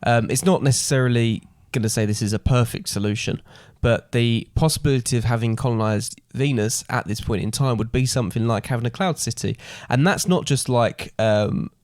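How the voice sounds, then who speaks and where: Podcast guy rambling through ideas, mid pitch, dry close sound. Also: a little fast, few pauses, a little mellow, no echo. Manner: explains at length, thinks aloud. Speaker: podcast co-host. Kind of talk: casual chat.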